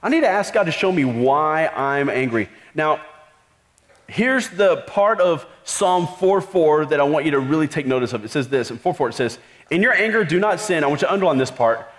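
A man's voice: a little high, animated, moderate pace. A man preaching a sermon in a casual, conversational way, full of rhetorical questions and "like" fillers. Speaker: pastor. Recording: long hall reverb.

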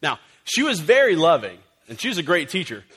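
A pastor preaching to his congregation in a loose, chatty way, full of asides and fillers. His voice sits a little high for a man. He is lively and animated as he tells stories from the pulpit. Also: brisk, breathy edge. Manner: animated, conversational, many fillers. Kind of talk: storytelling sermon. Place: church service.

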